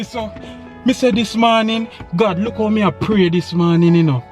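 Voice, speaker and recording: A man's voice: high-pitched, normal speed, darkish tone, soft background music. A man acting in a comedy sketch, pleading and frantic in patois.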